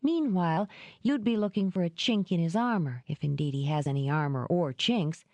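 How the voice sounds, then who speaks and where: A woman's voice: lowish voice, moderate pace, dark tone, no echo, lightly acted. A woman voicing a playful, theatrical young woman who teases and fakes tears. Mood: persuasive. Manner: teasing, theatrical, tearful act.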